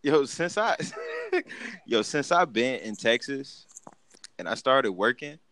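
A man co-hosting a casual podcast, telling stories in an animated way and often breaking into laughter. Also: medium pitch, takes it slowly, slight background noise. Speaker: podcast co-host.

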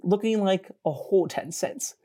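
A young man telling a story in a casual podcast chat. He mocks himself, laughs often and jumps up in pitch when he gets excited. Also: moderate pace. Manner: animated, self-mocking, laughs often and jumps higher in pitch. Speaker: podcast co-host.

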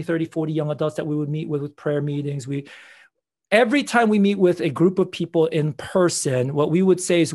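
Earnest man telling a personal story. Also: on the high side. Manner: earnest, with many restarts. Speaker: guest.

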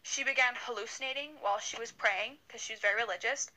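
Young woman podcast co-host, bright and a bit high, chatty and rambling, on a video call. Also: fast, poor audio. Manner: rambling, many fillers and restarts. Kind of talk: casual storytelling chat.

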